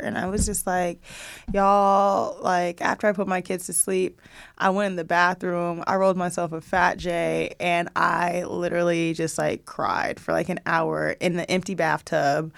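A woman's voice: on the low side, little pitch movement, moderate pace, creaky, no room sound. A young adult woman co-hosting a podcast, candidly telling a personal story in casual chat and quoting her child. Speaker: podcast co-host.

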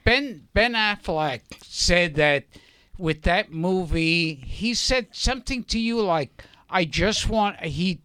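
A man's voice: sits high, expressive, takes it slowly, pushed and bright, smooth, no room sound. A man co-hosting a studio interview show, asking the guest questions. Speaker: podcast co-host. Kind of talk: casual interview chat.

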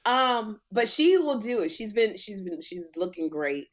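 Animated, breathless middle-aged woman host. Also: medium pitch, measured pace. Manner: animated storyteller, acts out quoted voices. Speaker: talk show host. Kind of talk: casual chat.

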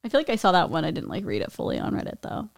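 A woman podcast co-host in casual chat, blunt and quick to jump in with agreement. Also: on the low side, huge pitch swings, creaky, no room sound, clean studio sound.

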